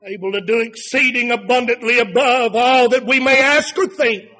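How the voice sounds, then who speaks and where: A man preaching a sermon, rising to fervent shouts and then dropping to quiet, low passages. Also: fairly even intonation, moderate pace.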